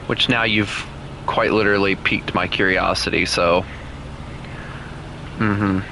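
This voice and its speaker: A man's voice: sits low, fairly even intonation, measured pace, vocal fry, noisy background. A man with a Southern US accent streaming a game, chatting casually and teasing his co-players in a playful way. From Southern United States. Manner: playful, teasing, laughs often. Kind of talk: casual gameplay chat with co-players.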